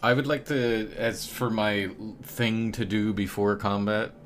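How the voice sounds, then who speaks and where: Low-voiced man joking at a game table. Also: fairly even intonation, a little slow, a little hiss or hum. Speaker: player. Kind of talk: casual tabletop play.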